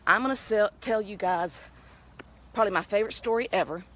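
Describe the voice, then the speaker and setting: A woman's voice: medium pitch, a little fast. A middle-aged woman with a Texan accent talks in a chatty, upbeat and folksy way as she walks along a street outdoors, speaking into a handheld phone. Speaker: vlogger. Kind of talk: casual talking-head vlog. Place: outdoors on a town street, walking.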